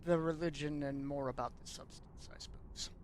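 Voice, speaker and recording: A man's voice: a little high, steady tone, normal speed, darkish tone, a little hiss or hum. A man playing a tabletop game, answering in character with dry, understated lines. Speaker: player. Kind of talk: in-character tabletop role-play.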